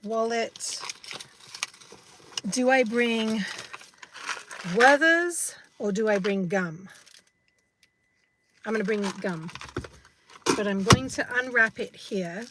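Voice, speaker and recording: A woman in her fifties from the United States, with an English accent, chats casually to viewers on a phone live stream from inside a parked car. She rambles with many fillers, her voice a little high with a sharp tone, and there's a slight hiss or hum.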